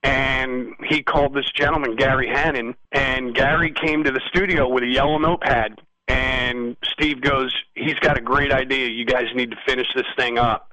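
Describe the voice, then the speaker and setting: A man being interviewed as a musician guest, telling rambling, animated stories and often asking "you know what I mean?". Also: medium pitch, normal speed, rough recording. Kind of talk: casual storytelling interview.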